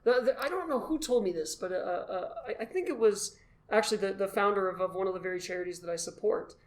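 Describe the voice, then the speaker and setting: A man as the guest, telling his story in an animated, self-deprecating way and acting out his own past thoughts. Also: high-pitched, fast talker. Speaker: guest, costumed charity volunteer. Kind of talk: casual storytelling in a conversation.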